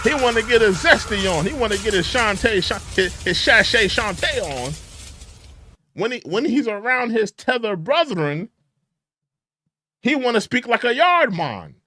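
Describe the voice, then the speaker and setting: A man hosting an opinionated commentary show, talking in a mocking, repetitive and animated way. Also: high-pitched, measured pace, faint music behind. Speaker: commentary channel host.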